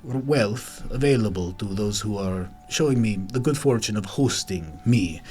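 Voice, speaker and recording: Guy doing a smooth vampire lord with a fake russian accent, low voice, some music behind. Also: expressive, unhurried, darkish tone. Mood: suave. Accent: put-on Russian. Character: charming male vampire noble, suave, courtly.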